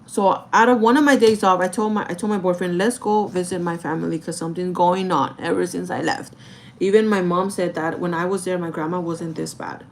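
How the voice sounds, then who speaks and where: A woman's voice: fairly low pitch, fairly even intonation, fairly quick, slight background noise, poor audio. A young woman vlogger telling a family story in casual chat, rambling with many fillers and often calling her viewers "guys".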